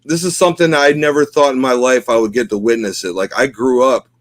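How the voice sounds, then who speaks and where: A man's voice: mid-range voice, steady tone, a little fast. A middle-aged man co-hosting a podcast, talking in an emotional, rambling way with lots of fillers. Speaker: podcast co-host. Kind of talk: casual chat.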